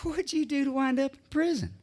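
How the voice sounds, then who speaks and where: Nosy barfly woman, put on by a man, pitched way up, blunt and squeaky. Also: expressive, a little fast, darkish tone. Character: brash woman barfly, middle-aged, nosy.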